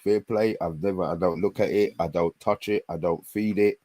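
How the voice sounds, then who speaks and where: A man's voice: low-pitched, fairly even intonation, normal speed, dark tone, no room sound. A man co-hosting a casual fan podcast, blunt and jokey, laughing often. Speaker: podcast co-host. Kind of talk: casual chat.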